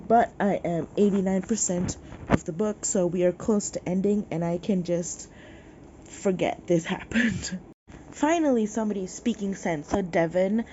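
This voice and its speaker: A woman's voice: mid-range voice, mellow, slight background noise. Sniffly, exasperated woman ranting from bed. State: sick and sniffling. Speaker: book vlogger. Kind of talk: casual reading vlog rant. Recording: dull lo-fi recording.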